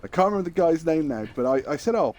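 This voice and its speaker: A man's voice: a little high, lively intonation, fast talker, a little mellow. A man streaming live, telling crude, jokey stories in a rambling, casual way.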